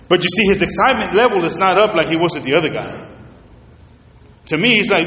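A man delivers a sermon, weaving a personal story and talking straight to his congregation. His voice sits on the higher side and stays animated. A long reverb from a large hall hangs behind him, with faint room ambience. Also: quick pace, pauses often, slight background noise. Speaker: preacher.

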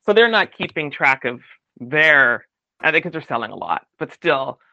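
Podcast guest: a lively man with a slightly high voice, lo-fi dry sound. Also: moderate pace, gravelly, no echo. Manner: animated, acts out quoted voices. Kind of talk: casual chat.

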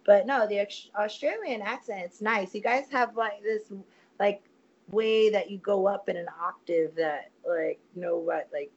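A woman with a drawl banters playfully, laughing often and tossing in "y'all". Her pitch sits in the middle range for a woman. The sound is slightly dull and lo-fi. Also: unhurried, vocal fry. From United States. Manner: playful, joking, laughs a lot, uses "y'all". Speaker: guest wrestler. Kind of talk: casual interview chat.

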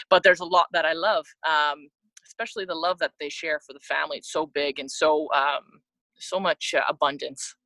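A woman's voice: sits low, pushed and bright, dry recording, low-quality recording. A woman from Canada, an interview guest, telling her story in a candid, reflective way with frequent restarts. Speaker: interview guest, former soccer player.

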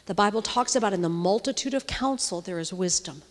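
A woman's voice: medium pitch, lively intonation, brisk. Woman preaching in a reverberant hall. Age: middle-aged. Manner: conversational, often checks in with the audience; drops to a near-whisper when moved. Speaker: women's ministry speaker. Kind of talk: sermon. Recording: long reverb of a large hall.

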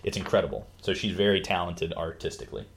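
Deep-voiced and fast-talking, this male host explains a book during a casual talk. He retells the plot with eager energy, voicing the characters through yelps and laughter.

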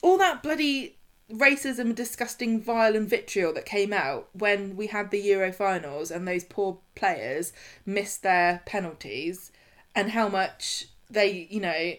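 A woman's voice: mid-range voice, a little slow, fairly bright tone. Woman, podcast co-host, casual and sarcastic, chatty recap delivery. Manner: sarcastic, chatty, laughing asides. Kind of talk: casual chat recapping a soap.

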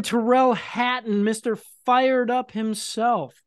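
A woman's voice: on the high side, slow, darkish tone, dry recording, studio quality. A woman hosting a casual podcast, running a sports bracket game with playful, announcer-style build-ups and quiz questions for her co-host.

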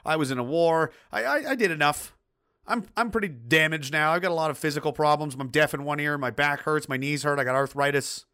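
Hosting a livestream, a middle-aged man reads viewer chat aloud and launches into casual, blunt, profane ranting with heated outbursts and plenty of rambling restarts. His voice sits on the high side, brisk with a sharp tone.

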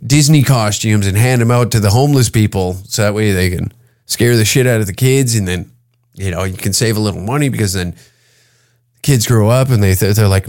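A man's voice: lowish voice, fairly quick, darkish tone. A man from Canada hosting a podcast, riffing in a crude, rambling comedic monologue and putting on voices for the people he quotes. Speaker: podcast host.

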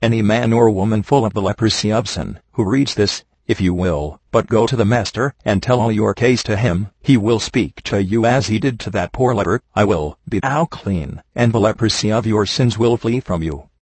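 A man reads a sermon in a somewhat low, husky voice, holding a steady, earnest preaching cadence. He speaks at normal speed with few pauses, and the sound is dry and close, with no echo.

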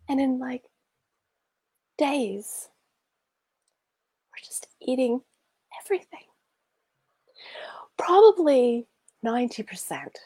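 An Australian woman, middle-aged, sharing an emotional personal story, animated and expressive, often dropping to a hushed whisper. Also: sits high, slow, long pauses, husky, dry recording. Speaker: guest sharing a healing story.

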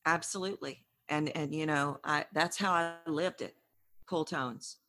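A woman's voice: low voice, fairly even intonation, unhurried, fairly bright tone, no echo. A woman speaking as a guest coach in an interview, earnest and encouraging, sometimes repeating words as she gathers her thoughts. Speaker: voice and communication coach. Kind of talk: conversational interview.

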